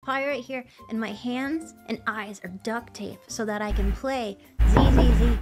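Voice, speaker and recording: A woman streamer telling a silly plan in a deadpan, playful way. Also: on the high side, unhurried. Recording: stream clip with loud music.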